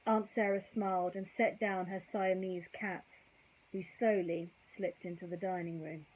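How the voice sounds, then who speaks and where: A woman reading a bedtime story aloud, gentle and chatty, with casual asides to young listeners. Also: fairly low pitch, steady tone, unhurried, low-quality recording.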